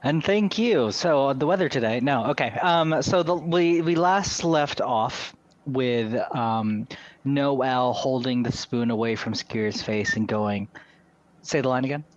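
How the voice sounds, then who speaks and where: A man's voice: medium pitch, unhurried, lo-fi sound. A man narrating as game master of a tabletop game, playful and descriptive.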